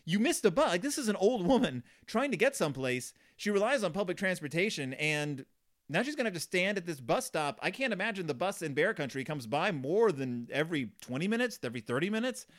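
Animated sardonic man reviewing a book. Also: high voice, a little fast. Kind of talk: casual comedic commentary.

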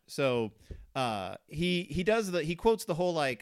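A man's voice: mid-range voice, animated, a little fast, clear, resonant tone. Rambling, jokey man hosting a podcast. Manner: rambling, jokey, full of "like" and asides, puts on silly voices for characters. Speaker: podcast host. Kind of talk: casual comedic book review.

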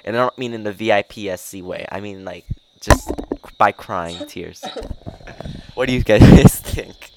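A young podcast host chatting casually, ranting in an animated way and reading out questions to co-hosts. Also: unhurried, very noisy. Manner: animated, ranting, swings pitch widely. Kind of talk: casual chat.

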